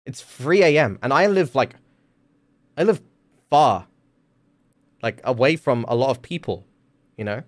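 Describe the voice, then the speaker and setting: Rambling low-voiced male streamer. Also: expressive, unhurried, long pauses, dry recording, clean studio sound. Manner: rambling, full of "like" fillers and swearing. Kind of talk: casual storytelling stream.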